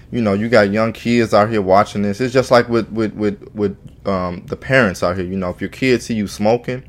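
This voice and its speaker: A man casually giving his take on the news in a vlog, talking loosely and repeating "you know" often. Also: lowish voice. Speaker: YouTuber reacting to news.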